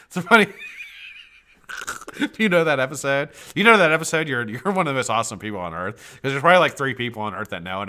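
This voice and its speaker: A man hosting a live stream trivia giveaway in casual chat, swearing freely and jumping into loud excited shouts. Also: fairly low pitch. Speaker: livestream host running a trivia giveaway. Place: home streaming setup.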